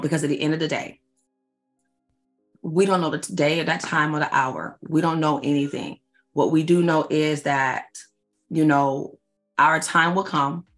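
A woman in her forties, a faith-based life coach, chatting casually and excitedly to her followers, repeating herself for emphasis and calling them y'all. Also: low voice. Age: 40s. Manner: slangy, addresses audience as y'all. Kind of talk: casual announcement chat to followers.

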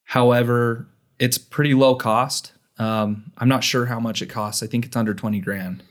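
A man's voice: medium pitch, steady tone, moderate pace. A man co-hosting a podcast in casual chat, joking and explaining with many fillers. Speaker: podcast co-host.

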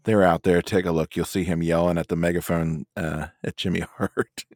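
A man's voice: low-pitched, little pitch movement, normal speed, darkish tone, no room sound, studio quality. A man co-hosting a podcast in a casual chat, joking and easygoing, laughing often. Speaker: podcast co-host.

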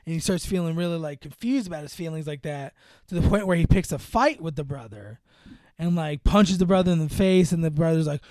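A young man with a high, smooth, clear voice chats casually about a film. He rambles, full of fillers, and slips into acted-out lines from the characters. The sound is close and dry. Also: brisk, darkish tone, no echo. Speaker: podcast co-host recapping a movie. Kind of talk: casual chat.

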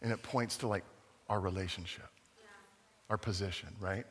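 Playful children's pastor, bright lively voice, lots of pitch swing, recorded in an echoing church hall. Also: male voice, normal speed. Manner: playful, interactive, acts out voices. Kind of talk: animated family sermon to kids and adults.

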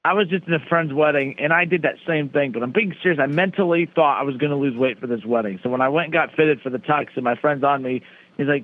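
A man's voice: a little high, fast talker, narrow, tinny audio. A man co-hosting a podcast, telling self-mocking stories in casual banter and acting out the people he quotes. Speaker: podcast co-host.

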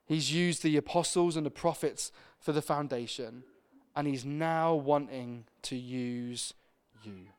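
Chatty British pastor, smooth voice. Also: male voice, fairly high pitch, a little slow. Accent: British English. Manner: chatty storytelling, acts out the people he quotes. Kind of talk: sermon.

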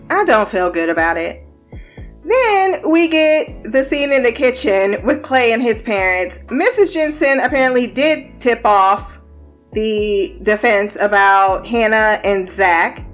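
A woman casually recapping a TV episode in an animated, opinionated way, often swearing. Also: fairly high pitch. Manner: animated, opinionated, with frequent profanity.

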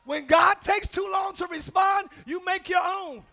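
A man preaching a sermon as pastor, calling out to the congregation and dropping into quiet joking asides. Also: extremely high pitch, a little slow, creaky. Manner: preaching with shouts and call-and-response; drops to quiet asides and laughs. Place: church.

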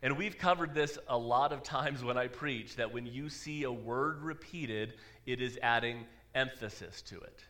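Bright-voiced man preaching a conversational sermon. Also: mid-range voice, measured pace, hardly any pauses. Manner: conversational preaching with dry asides and laughs. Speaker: pastor.

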